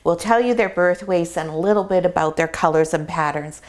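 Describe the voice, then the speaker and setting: Sitting in a whelping box indoors, a middle-aged woman who breeds dogs gives a chatty, step-by-step explanation of puppy care for a casual explainer video. She speaks briskly, with a darkish tone and a voice on the low side.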